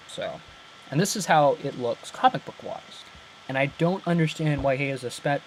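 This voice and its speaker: A young man with a slightly high voice talks through a TV episode in a loose, rambling way. He corrects himself often and laughs at his own slips. A faint hiss of noise sits behind him. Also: measured pace, low-quality recording. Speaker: channel host breaking down an episode. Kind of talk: casual chat.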